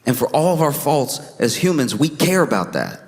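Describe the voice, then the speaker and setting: Mid-routine, a male comic narrates a story at a moderate pace, his delivery bouncy and vivid, punctuated by strained, high-pitched voices for the people in it.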